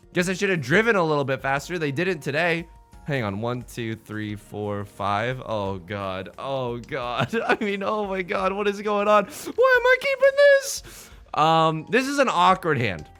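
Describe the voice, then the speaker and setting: A man's voice: on the high side, animated, a little slow, bright, forceful tone, soft background music. A young man from the United States giving casual, joking commentary while playing a game, rambling to himself and his viewers. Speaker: let's play host.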